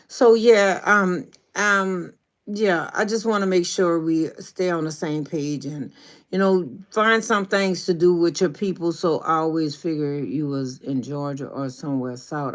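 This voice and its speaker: A woman from New Orleans with a Southern accent, chatting casually on a livestream as a YouTube coach and greeting viewers by name. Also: lowish voice. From New Orleans, Louisiana.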